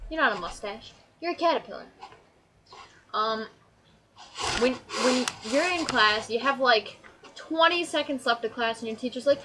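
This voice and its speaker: A woman's voice: on the high side, moderate pace, long pauses, pushed and bright, a little hiss or hum, rough recording. A teenage girl vlogging a casual, sarcastic rant about her pet peeves. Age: teens. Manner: chatty, exasperated, sarcastic. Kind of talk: casual ranting list.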